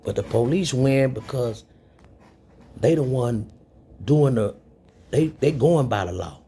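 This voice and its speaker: A man's voice: medium pitch, lively intonation, takes it slowly, warm tone, husky. A man giving ranting commentary, rambling and repeating himself, heated and profane.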